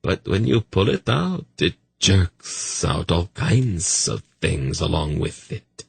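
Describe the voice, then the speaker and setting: A man voicing a soft-spoken male eunuch assassin in an audiobook, quiet and politely threatening. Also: low-pitched, very animated, slow pace, vocal fry, slightly rough, full character voice. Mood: quiet menace.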